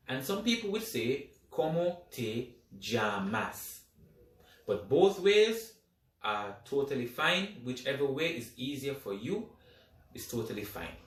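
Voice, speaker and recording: A man teaching a beginners' language lesson, talking slowly and deliberately and repeating each phrase for practice. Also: mid-range voice. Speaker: Spanish teacher. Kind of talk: slow lesson narration. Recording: echoey room, voice a bit far from the mic.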